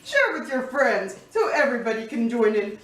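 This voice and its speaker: A woman's voice: a little high, big pitch swings, moderate pace, a bit bright. A woman chatting casually in a home kitchen cooking vlog, giggling and talking to her pets as she bakes. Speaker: cooking vlogger. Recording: echoey room, somewhat far from mic.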